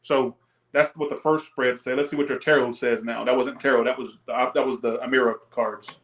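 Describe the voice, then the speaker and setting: A man's voice: medium pitch, fairly even intonation, fairly quick, a bit bright. A young man giving a live-stream tarot reading, ranting profanely and chatting with his viewers. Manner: chats with viewers, laughs often. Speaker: tarot reader.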